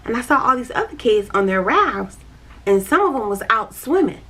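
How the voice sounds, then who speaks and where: A woman's voice: a little high, very animated, moderate pace, sharp tone, breathy edge. Woman retelling a vivid childhood memory. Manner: repetitive, vivid recounting. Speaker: storyteller. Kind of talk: personal storytelling.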